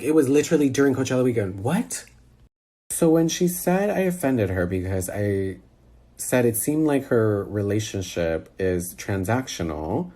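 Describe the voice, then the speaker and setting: Exasperated man on a video call reacting, animated and a bit breathy, sass throughout. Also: medium pitch. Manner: sassy, exasperated, lots of "like". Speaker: commentator. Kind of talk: casual reaction chat.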